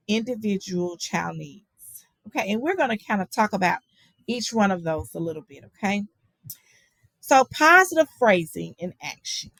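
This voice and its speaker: A woman's voice: medium pitch, a bit bright, dry recording, rough recording. A woman teaching a virtual class on guiding young children, talking in a conversational way with many fillers and frequent "okay?" checks. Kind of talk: virtual lecture on child guidance.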